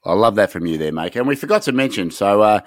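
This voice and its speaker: Excitable Australian man, dry close sound. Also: fairly low pitch, fast, dry recording. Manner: rowdy, sweary, excitable rants. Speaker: podcast co-host. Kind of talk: hyped casual chat.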